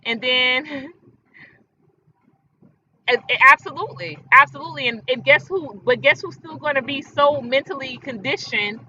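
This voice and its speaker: A woman's voice: sits high, normal speed, long pauses, bright, forceful tone. A woman hosting a casual livestream from outdoors, chatty and emphatic, talking straight to her viewers. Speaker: livestream host. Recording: dull lo-fi outdoor audio with faint noise.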